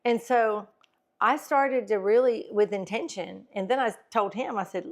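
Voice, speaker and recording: A middle-aged woman co-hosting a casual faith and wellness talk show, animated, acting out tones of voice and laughing often. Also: medium pitch, moderate pace. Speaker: podcast co-host.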